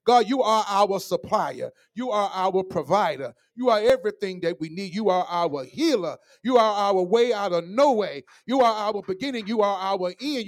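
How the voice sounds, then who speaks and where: A middle-aged man, a pastor leading a church service, calling out to the congregation and praying with rising fervor. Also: high voice. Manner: call-and-response preaching, rising fervor. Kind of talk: sermon and prayer. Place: church sanctuary.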